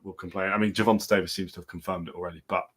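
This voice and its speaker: A man's voice: low voice, fairly even intonation, racing, a bit bright, husky. A man co-hosting a casual boxing chat show, laid-back and hedging, often trailing off. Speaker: co-host.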